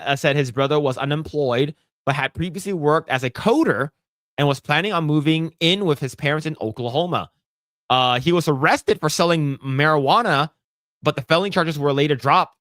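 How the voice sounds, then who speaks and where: A man co-hosting a casual podcast, talking bluntly and profanely with lively storytelling. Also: on the high side, normal speed, no echo, studio quality. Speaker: podcast co-host.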